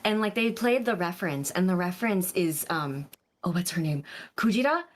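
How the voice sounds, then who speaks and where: A young woman guest in a casual conversation about voice acting, expressive, demonstrating voices by jumping her pitch high and low. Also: normal speed. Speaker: guest, voice actress.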